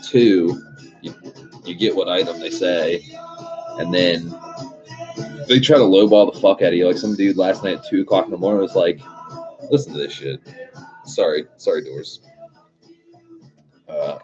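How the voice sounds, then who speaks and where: A man's voice: low-pitched, moderate pace, long pauses. A young man hosting a livestream, telling stories in a casual, profane, laid-back way. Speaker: livestream host. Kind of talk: casual rambling chat. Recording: dull lo-fi stream audio with music behind.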